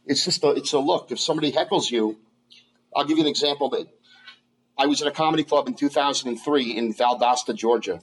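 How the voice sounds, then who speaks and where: A man who is a comedian guest, telling stories in a casual interview, halting and restarting often. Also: medium pitch, husky, poor audio. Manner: halting, many restarts and fillers.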